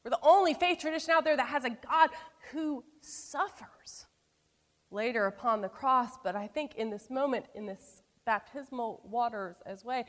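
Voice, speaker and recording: A woman preacher with a fairly high voice gives a sermon as a story. She moves from forceful, ringing phrases to quiet, slowed-down endings. Her voice carries a long reverb, like a large church space. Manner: storytelling with wide swings between emphatic and hushed delivery. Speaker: pastor.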